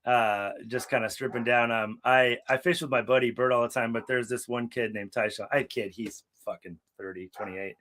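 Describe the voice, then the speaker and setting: A man's voice: medium pitch, steady tone, moderate pace, hardly any pauses, a bit bright. Profane, rambling man co-hosting a live watch-along. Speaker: podcast co-host. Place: hot room without air conditioning.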